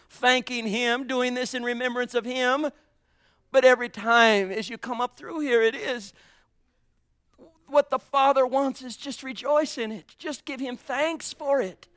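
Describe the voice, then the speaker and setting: Fervent high-voiced male preacher. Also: unhurried, clear, resonant tone, no echo, studio quality. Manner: fervent, swings between hushed and loud emphatic preaching. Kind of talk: sermon.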